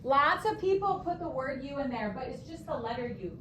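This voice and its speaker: In an animated high voice, a young woman runs a spelling class, drawing out each called word for emphasis and tossing in quick, upbeat remarks. Faint room noise can be heard in the classroom.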